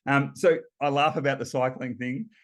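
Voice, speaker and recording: An Australian man in his fifties sits in as an interview guest, telling stories at an easy, middling pitch. He rambles warmly through fillers and restarts, breaking into short laughs between points. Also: steady tone, normal speed. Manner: chatty storyteller, laughs between points, many ums and restarts. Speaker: guest, former Olympic rower. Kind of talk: casual storytelling interview.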